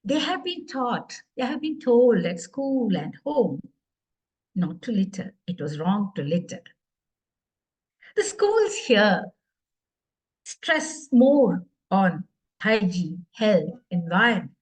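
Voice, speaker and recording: A woman storyteller, telling a story live to children in a deliberate way and speaking straight to her listeners. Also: medium pitch, very animated, slightly rough. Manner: deliberate, addressing listeners directly.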